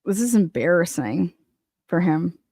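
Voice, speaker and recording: A woman's voice: fairly low pitch, animated, measured pace, warm tone, no echo, clean studio sound. A woman hosting a casual commentary show, reacting to news clips in a blunt, profane and mocking way. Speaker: host.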